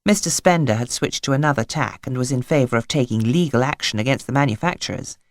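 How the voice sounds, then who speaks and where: A woman narrating a children's novel in an expressive, wry manner. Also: a bass voice, fast talker, dry recording, clean studio sound. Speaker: audiobook narrator. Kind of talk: scripted narration.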